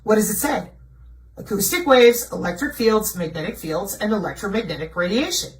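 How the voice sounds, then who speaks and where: A woman's voice: mid-range voice, lively intonation, moderate pace, a little hiss or hum. Blunt, mocking woman, slightly distant. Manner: blunt, mocking, rhetorical questions. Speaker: video presenter. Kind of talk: conspiracy commentary over slides.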